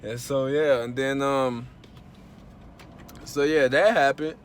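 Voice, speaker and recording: A man's voice: mid-range voice, slow. Laid-back young man vlogging. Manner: slangy, laid-back, animated storytelling. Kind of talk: casual vlog chat.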